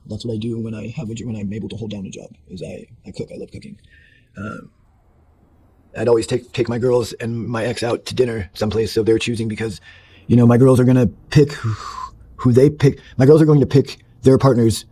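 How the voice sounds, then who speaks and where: A man talking quickly in a very dark, mellow, husky voice as he tells his own story to an interviewer. He is blunt and swears freely, rambling along with fillers and half-finished sentences. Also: medium pitch, little pitch movement, rough recording. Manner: blunt and profane, with many fillers. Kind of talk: candid personal storytelling.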